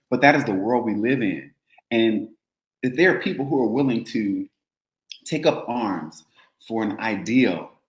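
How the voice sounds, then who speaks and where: A man's voice: fairly low pitch, reverberant, poor audio. A man co-hosting a casual news commentary show, talking in an impassioned, preachy way and repeating phrases for emphasis. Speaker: co-host.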